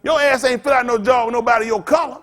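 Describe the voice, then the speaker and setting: A male pastor with a notably high-pitched voice preaches in an informal, rambling way. He is blunt and freely profane, trading call-and-response with the congregation as he goes. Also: fairly even intonation, fast talker, fairly bright tone.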